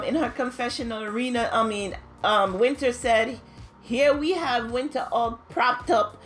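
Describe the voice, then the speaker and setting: A chatty woman with a fairly high voice recaps a reality show in a casual, gossipy way. She acts out the cast's lines in high squeals. Soft music plays faintly behind her. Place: home, New York.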